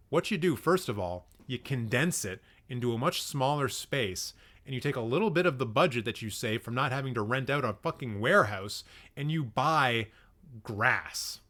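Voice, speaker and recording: A young man hosts casual film reaction commentary in a medium-pitched, fairly bright voice. He reacts to clips with sarcastic jokes and the occasional swear word.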